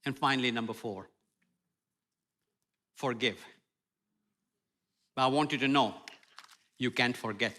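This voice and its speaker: An older man preaching a sermon as a guest speaker, humorous and animated, acting out prayers and apologies in a church. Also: medium pitch, unhurried, long pauses. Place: church sanctuary.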